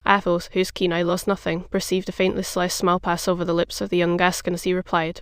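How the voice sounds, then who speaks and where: Audiobook narrator, steady reading, smooth voice, super dry sound. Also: medium pitch, fast, dry recording. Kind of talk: scripted narration.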